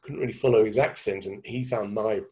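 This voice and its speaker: Mellow-voiced English man recounting memories. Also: lowish voice, low-quality recording. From England. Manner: thoughtful, halting, many restarts. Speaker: guest speaker. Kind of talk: reflective storytelling talk. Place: indoor room with a door behind.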